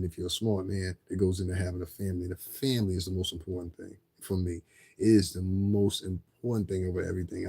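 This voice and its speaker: A man's voice: low-pitched, gravelly, mellow, breathy edge. A man livestreaming a casual, rambling, profane rant to viewers, often repeating himself. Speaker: livestreamer asking viewers for donations.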